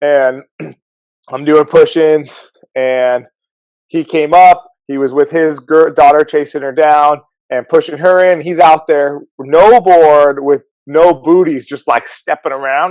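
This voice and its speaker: A man's voice: on the high side, fairly even intonation, takes it slowly, darkish tone, no room sound, highs cut off. A man who coaches at a surf camp, chatting as a guest in a laid-back way, laughing often and using surfer slang. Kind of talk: casual chat.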